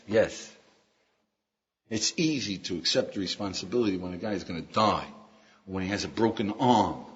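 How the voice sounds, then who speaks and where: A man's voice: low voice, breathy edge. An older man, a rabbi, giving an informal class, asking his students questions and acting out quotes. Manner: animated, asks the class questions, acts out quotes. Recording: dull lo-fi lecture recording.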